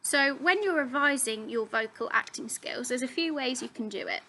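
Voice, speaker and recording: A woman's voice: sits high, moderate pace, sharp tone, poor audio. A young woman, a drama teacher, steadily explaining acting terms to her students with frequent ums. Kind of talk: classroom explainer video.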